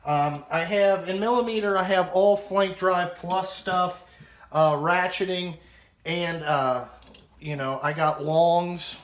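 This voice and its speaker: A man's voice: high voice, slow pace. A man in his thirties giving a casual show-and-tell as a vlogger, blunt, profane and rambling. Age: 30s. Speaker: vlogger showing his toolbox. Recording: echoey room.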